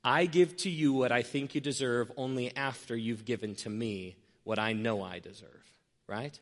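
A man delivers a sermon in a mid-range voice, animated and storytelling. He acts out everyday scenes with shifting energy. The sound rings with the long reverb of a large hall. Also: medium pitch, moderate pace. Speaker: pastor.

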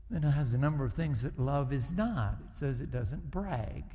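A man's voice: mid-range voice, expressive, moderate pace, mellow, big-room sound. A middle-aged male pastor preaching a sermon in a conversational way, with acted asides. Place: church sanctuary.

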